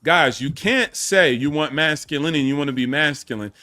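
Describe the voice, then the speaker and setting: A man co-hosting a podcast, talking in an animated, slangy way that swings from loud bursts to low asides. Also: brisk. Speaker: podcast co-host. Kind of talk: animated casual debate.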